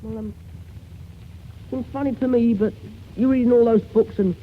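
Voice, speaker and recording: A cheeky high-voiced schoolboy, eager and boastful, old muffled radio play. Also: male voice, steady tone, moderate pace. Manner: eager, plucky and full of boyish slang. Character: scruffy, boastful schoolboy, eleven-ish, always scheming. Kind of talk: 1940s radio acting. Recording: muffled old radio recording with faint hiss.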